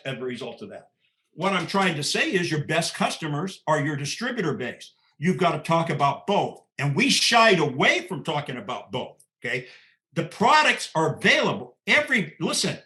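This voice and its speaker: A man's voice: fairly high pitch, pushed and bright. An older man speaking emphatically in a podcast conversation, often tagging his points with "okay?". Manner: emphatic, keeps adding "okay?". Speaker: podcast guest.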